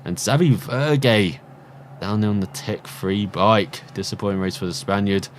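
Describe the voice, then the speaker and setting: A man commentating a motorbike racing video game, excitable on the racing, then rambling casually through the results. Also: on the low side, a little slow, slight background noise. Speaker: gaming commentator. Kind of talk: mock race commentary over gameplay.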